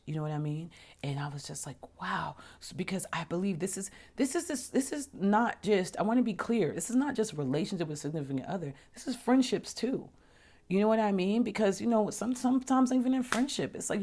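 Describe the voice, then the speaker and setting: A woman hosting a casual, heartfelt vlog. She talks emphatically, restarts and repeats words, and often drops into a hushed whisper. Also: mid-range voice. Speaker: vlog host.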